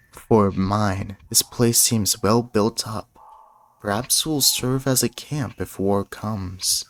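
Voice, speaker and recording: A young man playing a gamebook on stream, reading its text aloud and breaking off into excited, rambling asides. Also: on the low side, slow pace. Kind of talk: casual let's-play narration.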